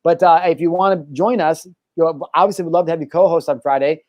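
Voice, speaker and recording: A man's voice: a little high, quick pace, a little mellow, no room sound. A man hosting a casual podcast, joking and slipping into a playful, mock-serious newscaster voice. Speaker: host.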